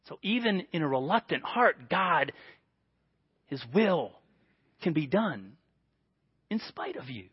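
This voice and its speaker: A man preaching a sermon in an earnest way, dropping to a hushed voice for quoted prayers. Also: fairly high pitch, very animated, takes it slowly, pauses often, slightly rough, dull audio.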